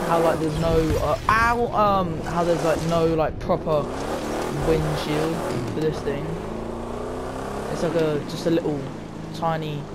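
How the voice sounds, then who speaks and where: Heavy background noise and loud game music surround a young man's fairly high voice as he casually rambles through gameplay commentary from his home chair. This gaming video creator leans on slang and keeps addressing his viewers.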